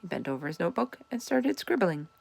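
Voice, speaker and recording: A woman reading a children's chapter book aloud, with expressive, animated storytelling. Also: lowish voice, fast talker, vocal fry, no echo. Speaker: storybook reader.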